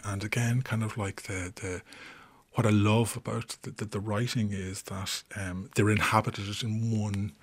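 A man's voice: lowish voice, level tone, measured pace, slightly rough. A man, a theatre director speaking thoughtfully in a radio interview, with many restarts.

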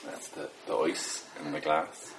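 Very deep-voiced Dublin man rambling. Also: fairly even intonation, measured pace, fairly bright tone, slight background noise, rough recording. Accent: Dublin Irish. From Ireland. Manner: rambling, self-deprecating, many fillers. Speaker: poet. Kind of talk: casual interview talk.

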